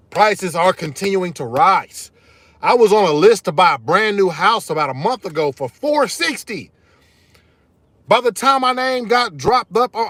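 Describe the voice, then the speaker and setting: A man's voice: high-pitched, fairly bright tone, dry recording. A man hosting his own live stream, talking casually and emphatically to his viewers, calling them y'all and repeating his points. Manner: fired-up, emphatic, repeats key phrases, addresses viewers as y'all. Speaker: channel host streaming live.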